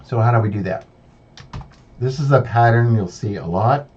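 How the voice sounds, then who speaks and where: A man's voice: medium pitch, normal speed, darkish tone. A man teaching a programming lesson over a screen recording, explaining step by step and thinking aloud with fillers and restarts. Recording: slightly dull lo-fi audio with faint hiss.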